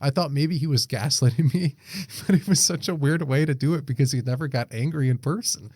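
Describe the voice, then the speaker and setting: A man's voice: medium pitch, fairly quick, a little mellow, breathy edge, no echo, clean studio sound. A young man, co-hosting a podcast in casual chat, reading a Reddit post aloud, swearing freely and laughing often. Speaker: podcast co-host.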